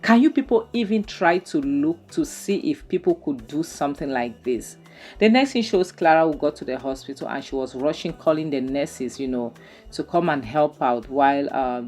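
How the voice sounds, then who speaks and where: A woman with a deep, low voice recaps a drama episode in loose, rambling commentary. She sounds exasperated and keeps filling her talk with "you know" and "um". Soft music plays faintly behind her. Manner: exasperated, talks fast with many fillers and "you know". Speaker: movie reviewer.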